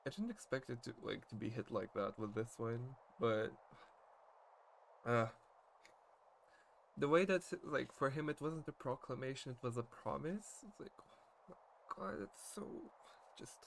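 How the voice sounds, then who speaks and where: A man's voice: medium pitch, expressive, a little slow, creaky, long pauses, a little hiss or hum. A man streaming a game live, talking emotionally and rambling with lots of fillers and swearing, choked up and close to tears. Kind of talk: live gameplay commentary.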